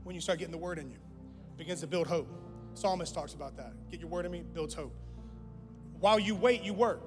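A male guest pastor preaching a sermon, impassioned, repeating phrases and swinging from loud declarations to low, quiet lines. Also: a little fast. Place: church sanctuary. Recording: long hall reverb with music underneath.

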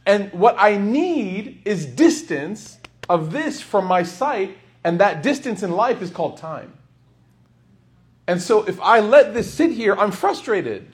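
A man's voice: sits high, very animated, slow pace. A man giving a scripture lecture, telling personal stories and acting out the dialogue. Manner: storytelling, acts out dialogue. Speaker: Quran teacher.

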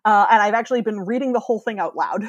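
A woman's voice: medium pitch, fast talker, no echo, highs cut off. Woman, casual podcast chat, eager explainer, laughs a lot, dry close sound. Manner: enthusiastic, explanatory, laughs often. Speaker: podcast guest, linguist.

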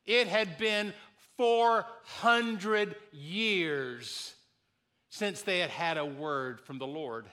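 Man in his sixties, pastor, sermon, high voice, unhurried delivery. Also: animated, pushed and bright. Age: 60s. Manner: earnest, slow and deliberate, with fillers and restarts.

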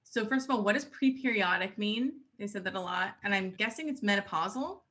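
A woman's voice: mid-range voice, animated, brisk, a bit bright. A woman co-hosting a podcast in casual chat, blunt and swearing casually, with frequent ums. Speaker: podcast co-host.

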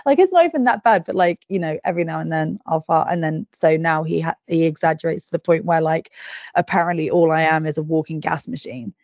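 A woman's voice: sits low, level tone, brisk, a little mellow, no echo. Chatty woman, laughing often. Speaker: podcast co-host. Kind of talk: casual chat. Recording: dull dry podcast recording.

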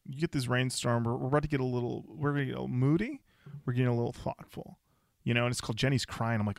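A man's voice: medium pitch, fast talker, creaky, no room sound, clean studio sound. A man co-hosting a podcast, chatting casually and joking, often acting out song lyrics in quoted voices. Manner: animated, jokey, acts out lyrics in quoted voices. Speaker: podcast co-host. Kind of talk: casual chat.

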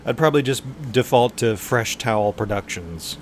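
A man's voice: medium pitch, animated, moderate pace, slight background noise. A man chatting on a comedy podcast, riffing on pop-culture memories. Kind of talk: casual comedy chat.

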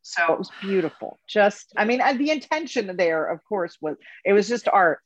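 A woman spiritual coach and tour leader telling stories in a casual interview, animated and laughing often. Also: mid-range voice, normal speed, dry recording, highs cut off.

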